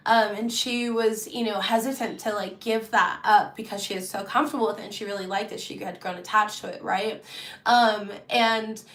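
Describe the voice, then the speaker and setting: A woman giving a casual, chatty tarot reading, animated and full of fillers. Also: mid-range voice, normal speed, roomy sound. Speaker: tarot reader.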